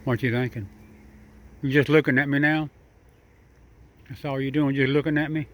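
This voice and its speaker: A man's voice: medium pitch, fairly even intonation, normal speed. Older man chatting outdoors. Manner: drawling, chuckling, rambling, talks sweetly to the squirrel. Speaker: backyard vlogger feeding squirrels. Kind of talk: casual talk to animals and camera. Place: outdoors in a backyard.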